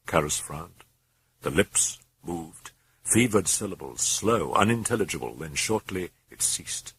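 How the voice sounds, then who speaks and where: Deep, very husky horror narrator man. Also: animated, unhurried, a bit bright. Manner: intense, brooding. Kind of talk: dramatic horror audiobook narration.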